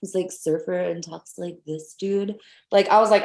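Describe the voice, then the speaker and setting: A woman from Atlanta leading a sales team video call, talking in an excited, rambling way with lots of "like". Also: fairly low pitch, normal speed, gravelly, reverberant. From Atlanta, USA.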